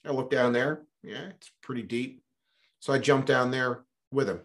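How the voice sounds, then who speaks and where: A man who is a guest on an interview, a business coach talking in a relaxed, reflective way and telling stories with lots of "you know". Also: medium pitch, normal speed. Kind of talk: conversational storytelling.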